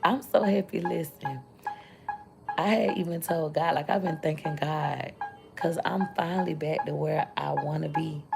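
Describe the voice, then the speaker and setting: A woman's voice: low-pitched, a little slow, creaky. A woman content creator and mother chatting candidly with her viewers on a livestream, rambling and thanking them between thoughts. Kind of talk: casual livestream chat with viewers. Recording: loud music playing behind the voice. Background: loud music.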